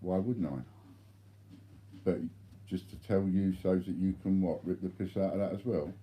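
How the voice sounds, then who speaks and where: A man's voice: low-pitched, fairly even intonation, moderate pace, dark tone. A man replying bluntly to viewer chat during a live stream, swearing freely.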